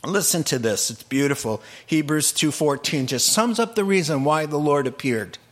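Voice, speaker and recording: A man preaching a sermon, telling the story with animated energy and humorous asides. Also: on the high side, normal speed.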